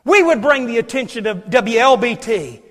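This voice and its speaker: Pastor, male, high-pitched, preaching live in a church with a long echo, loud peaks and hushed dips. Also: lively intonation, moderate pace. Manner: swings from loud preaching to hushed near-whispers. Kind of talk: sermon. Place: church sanctuary.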